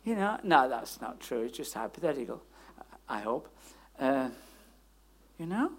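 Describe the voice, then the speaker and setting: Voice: medium pitch, measured pace, long pauses, slightly rough. A preacher giving a sermon in a conversational, emphatic style, full of tag questions and asides. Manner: lively, emphatic delivery.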